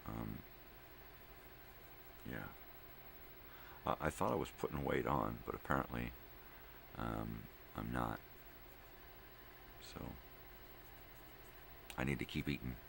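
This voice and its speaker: An older man talks through his morning in a slow, drowsy ramble, trailing off and circling back. His voice is extremely low and gravelly, with a faint room hum underneath. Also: fairly bright tone. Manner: slow, drifting, full of fillers and wordplay. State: drowsy from cold medicine. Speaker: vlog host.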